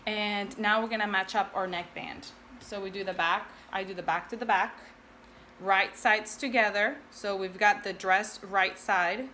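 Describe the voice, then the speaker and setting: A woman's voice: medium pitch, fairly even intonation, measured pace, pushed and bright, slight background noise. A woman hosting a casual sewing tutorial, chatting and thinking aloud with self-deprecating asides. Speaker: sewing video host.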